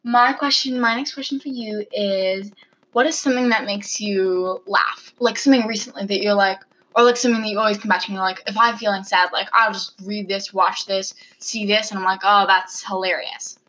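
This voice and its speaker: A woman's voice: medium pitch, steady tone, fairly quick, fairly bright tone, rough recording. A teenage girl chatting with a friend, dramatic and exclamatory, going off on tangents. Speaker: friend asking questions. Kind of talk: casual chat.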